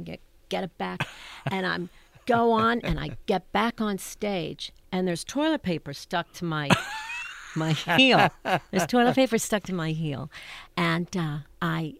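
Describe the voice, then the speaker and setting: Gravelly older woman telling stage stories. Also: lowish voice, normal speed. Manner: animated, laughing, self-interrupting. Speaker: stage actress guest. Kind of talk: anecdotal storytelling.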